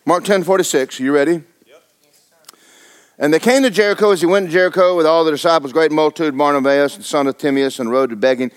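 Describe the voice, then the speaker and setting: A man, preaching a folksy, joking sermon that often jumps high in pitch for emphasis. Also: fast, clean tone. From Florida. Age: 70s. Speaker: pastor.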